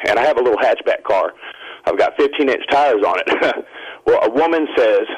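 A man calling in to a radio show, telling a long excited story in a rambling, self-interrupting way. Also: on the low side, brisk, breathy edge, dull audio. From Indiana. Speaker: caller. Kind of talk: phone-in storytelling.

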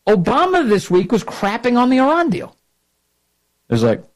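A man hosting a political commentary show, talking in a mocking, indignant way that climbs to loud peaks. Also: extremely high pitch, wildly swooping pitch, moderate pace, long pauses.

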